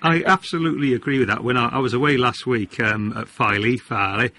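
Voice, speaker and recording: A man's voice: mid-range voice, fairly quick, bright, forceful tone. A Welshman from Cardiff co-presenting a radio show, joking playfully with the guest. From South Wales, Cardiff. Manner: jokey, playful. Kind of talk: casual radio banter.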